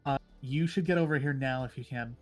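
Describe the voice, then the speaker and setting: The voice is a man of middle pitch playing in a tabletop session. He chimes in with chatty, joking remarks alongside the other players. Faint music plays behind him. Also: fairly quick. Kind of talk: casual tabletop game play.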